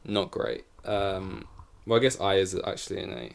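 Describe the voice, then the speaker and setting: A man's voice: deep voice, fairly even intonation, normal speed, vocal fry. A man hosting a solo podcast in casual chat, rambling and correcting himself as he goes, swearing casually. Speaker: podcast host. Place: in front of a camera.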